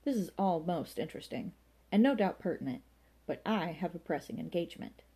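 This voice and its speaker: A woman playing a languid, airy gentleman. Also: on the low side, expressive, a little fast, slightly rough. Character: genteel, unflappable young man about town.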